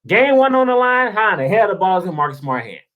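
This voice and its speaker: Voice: mid-range voice, sing-song, a little fast, narrow, tinny audio. A sports show host delivering a heated solo rant, sarcastic and casual, firing off rhetorical questions and repeating points for emphasis.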